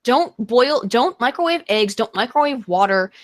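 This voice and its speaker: A woman's voice: fairly high pitch, animated, normal speed. A woman hosting a casual chat stream, emphatic and swearing freely. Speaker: stream host.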